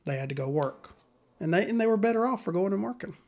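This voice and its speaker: A man's voice: sits high, animated, fast, darkish tone. A man, hosting a podcast in a rambling, profane, sardonic monologue. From Southern US. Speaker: podcast host.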